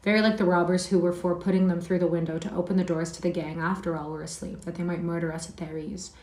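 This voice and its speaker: A woman doing a gruff suspicious manservant. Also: on the low side, level tone, fast talker, a little mellow, close to an everyday voice. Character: gruff male servant, rough and suspicious. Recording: roomy sound from a distant mic.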